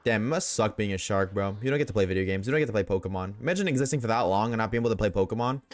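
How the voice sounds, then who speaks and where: A young man with a lowish, animated voice races through a casual gaming livestream, joking, swearing freely and talking back to his chat. The recording has no room sound, with faint music behind him.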